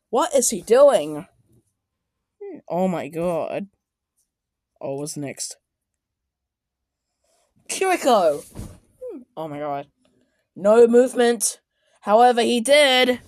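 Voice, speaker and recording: A woman giving casual, excitable reaction commentary on animated clips, often exclaiming and shouting. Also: medium pitch, no room sound. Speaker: video commentator.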